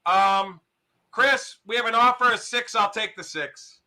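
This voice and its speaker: A man pitching art for sale in an enthusiastic, hyping way. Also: measured pace, pushed and bright. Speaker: art dealer. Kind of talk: live sales pitch.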